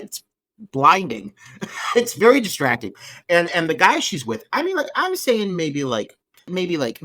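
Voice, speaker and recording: A man co-hosting a movie podcast, ranting through his gripes in casual, profane chat. His voice sits a bit high and swings all over the place, with a bright, forceful edge. The sound is close and dry. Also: dry recording. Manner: animated, swears freely, ranting gripes. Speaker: podcast co-host. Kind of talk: casual film review chat.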